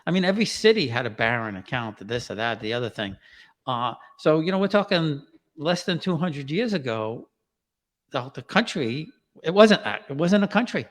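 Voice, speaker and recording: A man's voice: on the high side, big pitch swings, normal speed, long reverb tail. A man with a New York accent, a guest chatting casually in an interview. He talks in a loose, repeating way and laughs often. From Queens, New York. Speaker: guest, genealogy author and podcaster.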